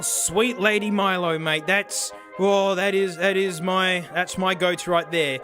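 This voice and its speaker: Man, South Australian accent, casual vlog host, high voice, slangy, lively, background music. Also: measured pace, few pauses. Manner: energetic, slangy, says "mate" constantly. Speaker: video host.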